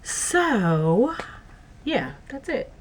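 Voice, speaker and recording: A woman's voice: a little high, big pitch swings, very slow, a little hiss or hum. A woman talking casually to the camera in a vlog, chatty and rambling, often laughing as she goes. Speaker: vlogger.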